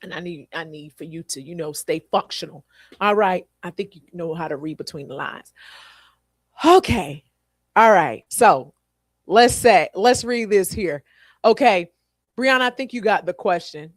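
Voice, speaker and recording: A woman's voice: on the low side, measured pace, dry recording, clean studio sound. A woman hosting a podcast in a live, casual chat, reading out listener comments and speaking to people by name. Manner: animated, chatty, repeats herself, talks to listeners by name. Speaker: podcast host.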